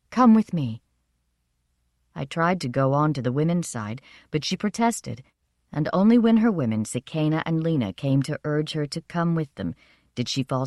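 A woman narrating a first-person story in a measured, expressive reading. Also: low voice, dry recording, studio quality. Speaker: audiobook narrator.

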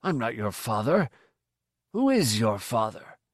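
A man's voice: mid-range voice, sing-song, a little slow, no room sound, clean studio sound. A man voicing a teasing white-haired old village man who speaks in a mock-indignant way.

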